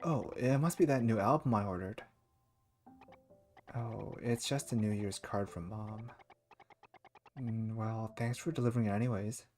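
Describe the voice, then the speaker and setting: A man's voice: fairly low pitch, measured pace, long pauses, darkish tone, soft background music. A man reading a cheerful young woman's lines, raising his voice for her.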